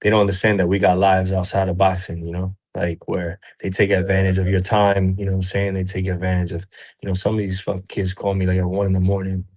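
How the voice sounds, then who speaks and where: Laid-back, low-voiced boxing coach. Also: male voice, monotone, quick pace, darkish tone. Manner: laid-back, keeps saying "you know what I'm saying". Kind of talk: casual interview chat.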